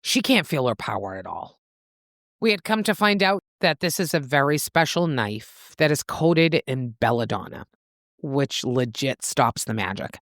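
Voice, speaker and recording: A woman's voice: extremely low pitch, big pitch swings, a little slow, no echo, clean studio sound. A woman co-hosting a book podcast, animatedly retelling a novel's plot and swearing freely. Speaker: podcast co-host. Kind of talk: casual book-club recap.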